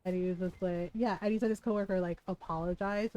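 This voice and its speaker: A woman streaming a video game, chatting casually and telling stories in an animated way, with plenty of swearing. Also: on the low side, fast, hardly any pauses, rough recording. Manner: animated storytelling with frequent swearing and laughter. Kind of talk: casual gameplay chat.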